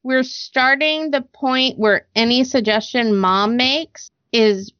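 Blunt, high-voiced mother on a podcast. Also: slow pace, dry recording. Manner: blunt and profane, quotes herself in animated voices. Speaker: podcast co-host. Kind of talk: casual chat. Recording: dull dry sound.

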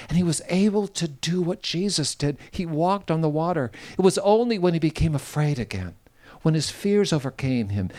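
A man preaching and praying earnestly outdoors on a boat on a lake, rising to strong emphasis and dropping to soft, hushed tones. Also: a little high. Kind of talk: outdoor devotional sermon and prayer.

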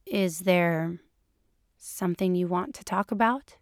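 A woman voicing a calm, dry-witted female doctor and FBI agent. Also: medium pitch, moderate pace, no echo, natural voice.

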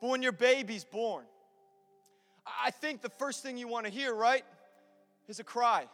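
A male pastor preaching an impassioned sermon to a congregation in church, building to loud, emphatic repetitions. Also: extremely high pitch, unhurried. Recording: long hall reverb with music behind.

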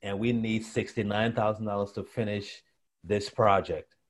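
A man's voice: lowish voice, normal speed. A young man telling his story as a guest in an interview, acting out the voices of the people he quotes. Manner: animated storyteller, acts out quotes.

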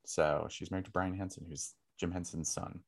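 Low-voiced, rambling young man. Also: normal speed, vocal fry. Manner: relaxed, rambling, many fillers. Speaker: film review co-host. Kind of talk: casual film review chat.

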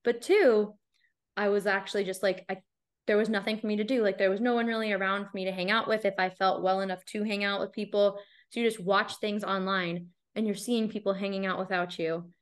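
A woman's voice: mid-range voice, steady tone, fairly quick. A woman hosting a podcast, talking candidly in a casual chat and leaning on "like" a lot. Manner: chatty, candid, heavy use of "like". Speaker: podcast host.

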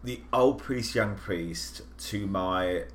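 A man's voice: fairly low pitch, slow pace. A man co-hosting a podcast in casual chat, playful and teasing with a theatrical streak. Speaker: podcast co-host.

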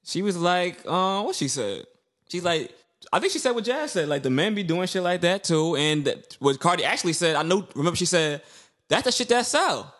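Animated young New man, higher voice. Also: fairly quick. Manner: animated storyteller, slangy, acts out quotes. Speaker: podcast co-host. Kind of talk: casual chat.

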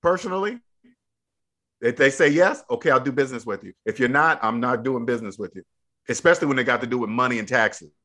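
A man's voice: medium pitch, quick pace, bright, forceful tone. A man coaching a younger guest on money, emphatic and preachy, repeating his points in casual podcast chat. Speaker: debt-free money coach.

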